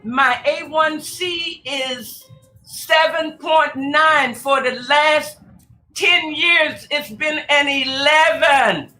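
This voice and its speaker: A radio guest, a woman spiritual advisor hailing from Tacoma, Washington, draws out her words in a high-pitched, bright, forceful voice. She exclaims emphatically through casual, preachy chat, calling the host "girl" and "honey." Echo and faint noise come from the room.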